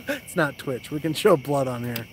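Out on a creek bank at night, a young fishing show host chats casually on a live stream, ribbing his partner and reading viewer comments out loud. He has a mid-range voice, and there's slight background noise.

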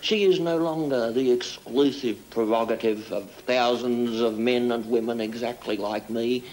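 A man's voice: mid-range voice, fairly even intonation, measured pace, darkish tone, close to an everyday voice, poor audio. A man playing a drunk, crude, middle-aged Australian diplomat with a broad Australian accent, giving a pompous, rambling speech in a television comedy sketch. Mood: pompous, tipsy. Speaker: comic character monologue. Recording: old 1970s TV broadcast with hiss. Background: studio audience laughter.

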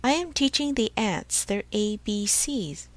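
A woman voicing an old man, a carpenter who is easily frightened, speaking brightly and obligingly. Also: medium pitch, animated, a little slow, no echo, natural voice.

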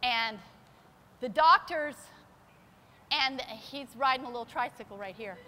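A woman pastor giving a fervent testimony sermon in a church service, her preaching climbing into shouted praise. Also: a little high, a little slow, big-room sound, slight background noise. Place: church sanctuary during a service.

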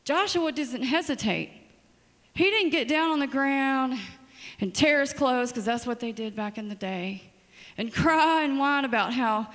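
A woman's voice: fairly high pitch, measured pace, long pauses, in a large hall. A woman preaching a sermon in a church, telling stories with dramatic asides. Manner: storytelling, lively and dramatic asides. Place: church sanctuary.

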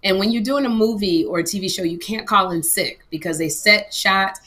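A middle-aged woman co-hosting a casual comedy podcast, telling an animated story that swings between laughter and tears. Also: medium pitch, a little fast. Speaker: co-host.

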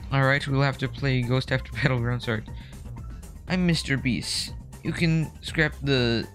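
A young man streams a horror game live, chatting and cracking jokes while getting easily startled. His voice is a little high with a fairly bright tone.

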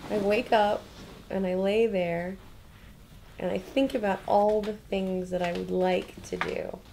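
A woman painter speaking candidly in a documentary interview, emotional and quick to laugh, swearing casually. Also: medium pitch, steady tone, gravelly, mellow, a little hiss or hum. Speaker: painter interviewed about her life.

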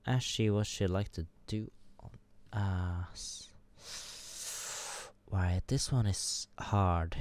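A man's voice: deep voice, slow pace, darkish tone. A man streaming a game and commenting in hesitant, thinking aloud about his choices. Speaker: gamer streamer. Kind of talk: let's play commentary.

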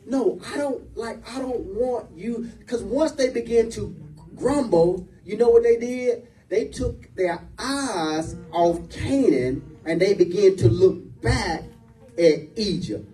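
A man, a senior pastor, preaching a sermon in a church, repeating phrases and building up to shouts. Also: high-pitched, expressive, slow pace, far from the mic, rough recording.

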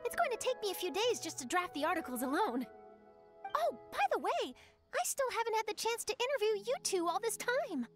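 Cheery young lady journalist, very high voice, brisk and newsy, game music behind. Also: sing-song. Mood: upbeat. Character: upbeat young female news reporter.

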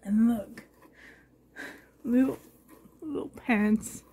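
Slow, gushing high-voiced woman. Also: dark tone, a little hiss or hum. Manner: gushing, breathy exclamations, slow and drawn out. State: emotional, shaky. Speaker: reborn doll collector vlogger. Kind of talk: unboxing vlog.

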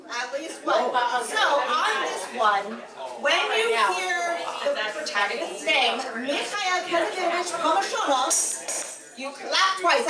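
A woman musician joking with a live audience between songs in a reenactment event hall. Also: high voice. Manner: wry, joking, teasing the crowd. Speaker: folk musician performing live. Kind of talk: live concert banter with audience. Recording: echoey hall from far off, music.

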